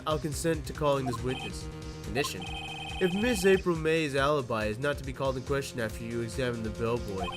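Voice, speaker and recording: A man's voice: on the high side, close to an everyday voice. A man voicing a cold, scheming male prosecutor in a game voice-over, speaking in a formal, condescending way. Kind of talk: gameplay voice-over, voicing characters.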